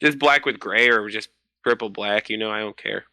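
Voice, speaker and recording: A man in his twenties, a podcast guest in casual chat, telling animated stories and swearing freely. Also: fairly low pitch, moderate pace, creaky, no room sound.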